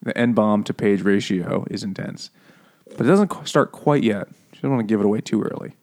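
With a fairly low pitch and a brisk delivery, a man co-hosting a casual book-club podcast recaps a plot over beer. His retelling is animated, jokey and full of profanity.

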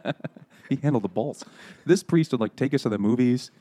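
A man's voice: medium pitch, brisk, dark tone. A man co-hosting a podcast, rambling through a funny story and laughing as he acts out what people said. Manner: rambling anecdote, laughing, acting out quotes. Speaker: podcast co-host. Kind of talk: casual chat, storytelling.

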